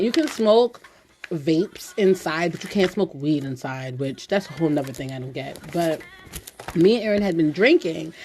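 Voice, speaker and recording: A woman podcast host telling candid stories in casual chat, blunt and animated, with many "like"s. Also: on the low side. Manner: blunt, animated storyteller with frequent "like".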